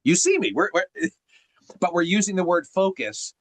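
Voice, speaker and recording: A man's voice: high voice, wildly swooping pitch, measured pace, no echo. A man coaching someone on a video call, emphatic and teacherly, asking rhetorical questions as he explains.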